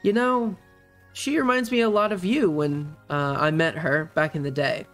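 A man's voice: on the high side, steady tone, normal speed, a bit bright, faint music behind. A man voicing a playful, boastful father. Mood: fond. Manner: boastful, affectionate, upbeat. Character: doting playful middle-aged human father. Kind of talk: tabletop role-play voicing.

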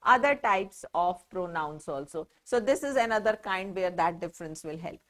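A woman's voice: lowish voice, lively intonation, moderate pace, a bit bright. Female grammar teacher, Indian English accent, patient explainer for young students. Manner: explains patiently, asks the children questions and answers them herself. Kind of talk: classroom lesson.

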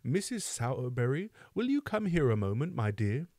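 A man's voice: mid-range voice, very animated, moderate pace, darkish tone, no echo, clean studio sound, pitched above the performer's own voice, close to an everyday voice. A man doing an inquisitive undertaker. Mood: inquiring. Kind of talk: storybook reading.

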